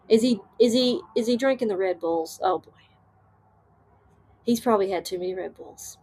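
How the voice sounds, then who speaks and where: A woman hosting a livestream, chatting casually with viewers and reading their comments aloud, rambling and excitable with bursts of laughter. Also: medium pitch, moderate pace, pauses often. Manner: chatty and rambling, trailing off often. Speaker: livestream host.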